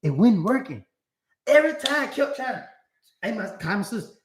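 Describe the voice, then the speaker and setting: A man's voice: high-pitched, sing-song, moderate pace, roomy sound, a little hiss or hum. A man telling a long story about praying in jail, acting out his talks with God in a preachy, emphatic way. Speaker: commentator in a played clip. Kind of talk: storytelling monologue.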